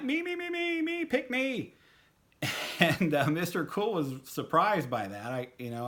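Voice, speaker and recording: A middle-aged man telling a fond personal anecdote at a tribute, halting with many fillers and restarts. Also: medium pitch, a bit bright. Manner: fond, reminiscing. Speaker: storyteller at a tribute.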